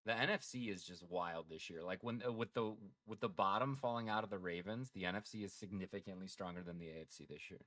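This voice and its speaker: A man co-hosts a sports talk stream with a laid-back, teasing manner and plenty of dude and brother. His voice sits a bit low, and it sounds dry and close to the mic. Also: fast talker, hardly any pauses, bright, forceful tone, no echo. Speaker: sports show co-host. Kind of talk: casual sports chat on a live stream.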